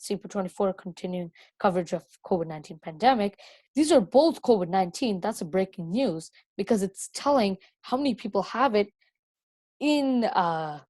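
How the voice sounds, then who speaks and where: A woman talks through a coding lesson in a loose, rambling way, full of "um"s and restarts. Her voice sits at a middle pitch, recorded close and dry with no room sound. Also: a little mellow, no echo. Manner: rambling, many fillers and self-corrections. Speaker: coding tutor.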